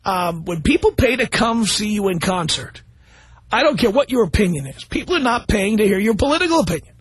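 A man's voice: high voice, very animated, brisk, slightly rough, no echo. A man hosting a call-in radio talk show, blunt and combative as he rants his opinions.

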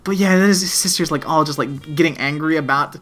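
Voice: mid-range voice, a little fast, fairly bright tone. A podcast co-host in casual chat, retelling a TV episode in a rambling, profane way with lots of "like". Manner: rambling and profane, heavy use of "like".

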